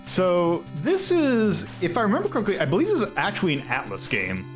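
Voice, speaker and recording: Casual male streamer host; animated pitch, self-correcting, faint music underneath. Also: fairly quick. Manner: rambling, self-correcting, chuckles between thoughts. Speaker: streamer host ranking retro games. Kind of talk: casual game-stream commentary.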